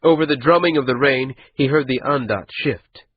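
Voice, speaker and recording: A man narrating an audiobook in a measured, unhurried reading. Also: medium pitch, slightly rough, muffled recording. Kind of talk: scripted narration.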